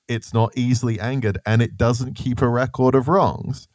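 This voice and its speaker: A man co-hosting a casual faith discussion, reading scripture aloud and then riffing on it with animated asides. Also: mid-range voice, moderate pace, no echo, clean studio sound.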